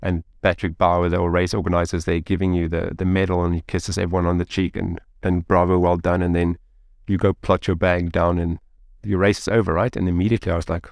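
A man, a guest telling a story in an interview, rambling and animated with lots of fillers like "like" and "you know". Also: sits low, brisk, gravelly, hardly any pauses, no room sound.

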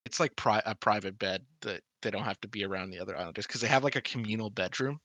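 A man co-hosting a podcast, answering quiz questions in casual chat, blunt and quick to swear and laugh. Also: on the low side, bright, forceful tone, dry recording. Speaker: podcast co-host.

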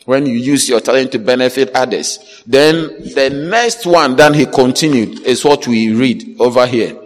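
A man's voice: mid-range voice, unhurried. A man preaching a sermon who halts and repeats words and checks that his listeners follow. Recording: long hall reverb.

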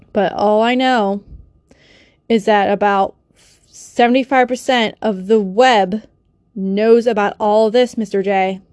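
A woman's voice: medium pitch, a little mellow, no echo, studio quality. A young woman with a cold and a stuffy nose, ranting emotionally in a personal vlog, swearing and rambling with many fillers and restarts, recorded on a phone or built-in mic. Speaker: vlogger.

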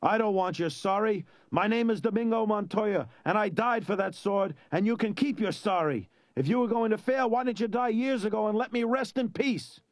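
A man's voice: high-pitched, moderate pace, few pauses, no echo, pitched above the performer's own voice, close to an everyday voice. A man voicing the bitter ghost of an older father, speaking in a raised, reproachful voice.

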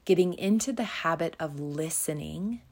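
A woman's voice: sits low, expressive, moderate pace, darkish tone. A woman hosting a reflective self-help podcast, speaking in a soothing, encouraging way and sometimes dropping to a whisper. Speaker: podcast host.

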